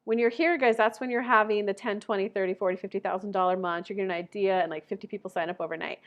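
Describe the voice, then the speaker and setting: A woman in her thirties talking casually to her audience as a coach, chatty and animated, acting out what people said. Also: medium pitch, quick pace, highs cut off. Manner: chatty and animated, acts out quoted voices. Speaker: life and manifestation coach. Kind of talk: casual talking-head vlog.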